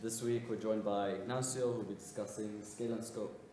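A man's voice: on the low side, fairly even intonation, normal speed. A man hosting for a student society, reading a short introduction of the speaker. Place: lecture hall. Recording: distant, echoey room with loud noise.

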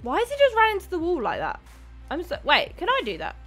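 A young woman, chatting casually as she commentates her own gameplay, excitable and quick to shriek. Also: extremely high pitch, soft background music. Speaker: gaming YouTuber.

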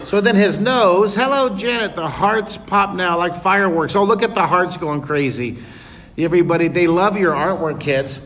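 This art teacher's voice rides high and somewhat bright, at an ordinary pace. He's close to the camera in a loud, reverberant museum hall, excitedly cheering on children during a live drawing class.

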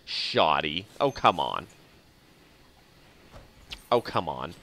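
A very slow yet very animated man speaks in a rumbling low, bright, forceful voice, with a little hiss or hum on the recording. He casually plays a strategy game on a live stream, chuckling and muttering to himself often as faint game music plays.

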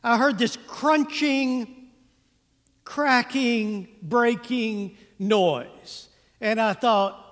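A man preaching from a church sanctuary, spinning a funny, animated story with careful comic timing and drawn-out words. His voice sits very high for a man, and a long hall reverb trails behind every phrase. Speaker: pastor. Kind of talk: humorous storytelling sermon.

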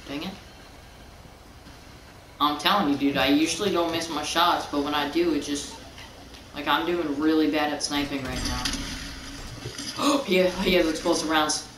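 A man giving casual, excitable gameplay commentary, rambling and repeating his exclamations as he plays. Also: fairly high pitch, normal speed, pauses often. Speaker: gaming channel host. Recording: roomy, distant mic, noisy.

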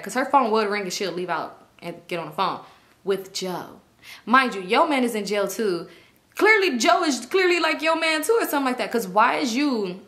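A young adult woman casually telling a work drama story, acting out quotes in a raised voice. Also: medium pitch. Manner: animated, acts out quotes in raised voice. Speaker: storytime vlogger.

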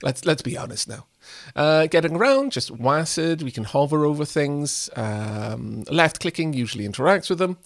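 A man's voice: a little high, sing-song, moderate pace, vocal fry, no echo, clean studio sound. A young man casually commentating while playing a game, joking and reading text aloud. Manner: playful, reads text aloud, jokes, many fillers. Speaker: let's play host.

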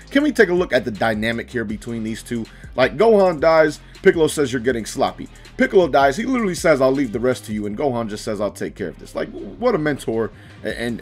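Young male gaming vlogger, casual and slangy, reading quotes and reacting loudly, mid pitch, music under. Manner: animated, slangy, reacts with emphatic outbursts. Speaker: gaming YouTuber.

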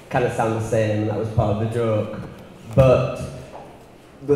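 A man with a Northern English accent giving an art lecture, measured and reflective, partly reading from a prepared text. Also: medium pitch, a little mellow, slight background noise. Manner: measured and reflective, with filler ums. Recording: roomy hall with long reverb.

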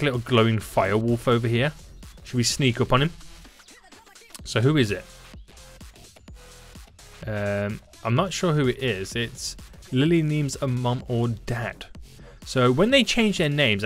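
A young man narrates his gameplay in a bright, animated voice that swings from mumbled asides to loud, gleeful taunts. His talk is playful and excitable, with faint game music underneath. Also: medium pitch, a little slow, pauses often. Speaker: gaming YouTuber. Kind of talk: let's play commentary.

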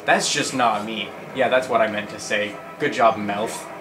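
A man's voice: lowish voice, a little slow, background noise. Goofy young man commenting on gameplay. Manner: goofy, rambling, excitable. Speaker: let's play host. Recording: roomy sound with game music.

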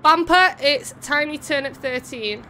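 A woman's voice: high voice, unhurried, pushed and bright, slight background noise. A young woman streamer commentating a racing game event and chatting with viewers in a bubbly, giggly way. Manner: bubbly, giggly, chats to viewers between calls. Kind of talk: live race commentary and chat.

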